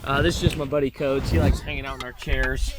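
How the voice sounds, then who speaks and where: A man's voice: mid-range voice, flat delivery, fast talker. A man hosting a joking casual vlog outdoors on a glacier, laughing often. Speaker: vlog host. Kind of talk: joking casual vlog, mock house tour.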